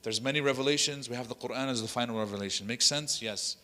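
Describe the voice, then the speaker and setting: An imam tells a story at a workshop, switching into the voices of the people he quotes. His voice is bright and forward. The sound rings out with a long hall reverb. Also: medium pitch, quick pace. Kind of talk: workshop talk telling a story. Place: mosque hall.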